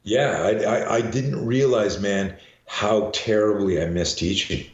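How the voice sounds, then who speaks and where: Brief: older male coach guest, very low voice, chatty with many restarts, echoey dull recording. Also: unhurried. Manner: chatty, repeats words while thinking. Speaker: guest, self-defense coach. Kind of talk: casual interview. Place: garage.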